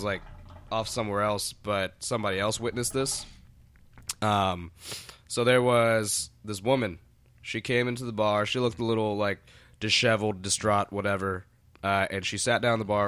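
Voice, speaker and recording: A man with a lowish but bright, forward voice tells a long bar story in casual podcast chat. He rambles through "like" and "you know," restarts often and swears freely. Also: smooth, no echo. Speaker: bartender and podcast co-host.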